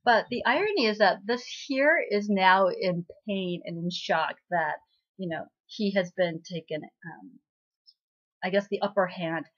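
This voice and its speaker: Speaking at a measured pace in a mid-range voice, a woman chats her way through a recap of a drama episode, dropping in plenty of fillers and asides. The audio is lo-fi and a bit muffled.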